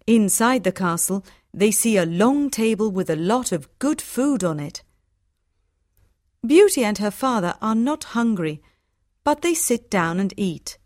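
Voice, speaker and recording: A woman giving scripted storybook narration, clear, measured and even. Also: medium pitch, no echo, clean studio sound.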